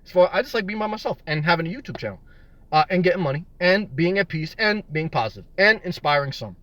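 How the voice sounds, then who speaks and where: High-pitched and animated, this fast-talking man has a slightly bright voice with no echo. A vlogger in his car in a parking lot, he reads live-chat comments out loud during a casual stream, rambling and joking about his single status.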